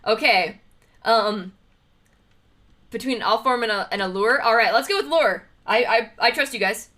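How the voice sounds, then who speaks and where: A woman's voice: a little high, moderate pace, sharp tone. A woman streamer chatting casually on a livestream, thinking aloud as she reads trivia questions, laughing often and greeting viewers.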